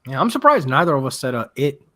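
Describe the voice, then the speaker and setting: A man's voice: mid-range voice, very animated, quick pace, a bit bright, no echo. A man co-hosting a casual podcast, enthusiastic and laid-back, with easy slang. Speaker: podcast co-host.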